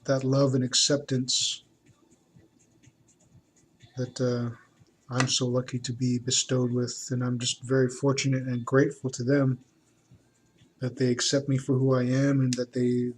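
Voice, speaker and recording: A man's voice: mid-range voice, monotone, moderate pace, long pauses, a little hiss or hum. A man talking casually while he draws, rambling and hesitant, with many fillers and restarts. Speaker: artist. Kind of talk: casual talk while drawing.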